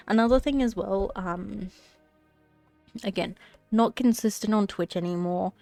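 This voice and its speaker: A woman's voice: mid-range voice, measured pace, creaky, mellow, dry recording, soft background music. A congested woman chatting casually on her live stream, rambling and swearing now and then. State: slightly out of breath.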